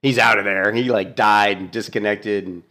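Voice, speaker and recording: A man casually commentating on a gameplay clip, animated and mocking, laughing often. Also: lowish voice, normal speed. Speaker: gaming streamer.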